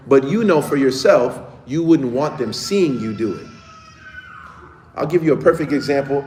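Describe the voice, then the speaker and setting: A man's voice: medium pitch, a little mellow, slight background noise. Male teacher talking casually to kids. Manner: conversational, checks in with the class often. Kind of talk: casual lesson to children. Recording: echoey room with faint ambience.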